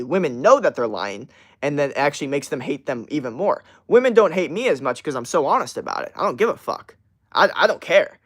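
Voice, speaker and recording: Male streamer host, blunt and foul-mouthed, rambling rant delivery. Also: mid-range voice. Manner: profane, blunt and ranting. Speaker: livestream host. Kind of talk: livestream rant.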